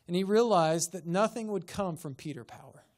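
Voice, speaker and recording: A man's voice: high-pitched, normal speed, darkish tone. A man, a pastor, preaching a sermon and pressing his congregation with rhetorical questions and rising emphasis in a church sanctuary.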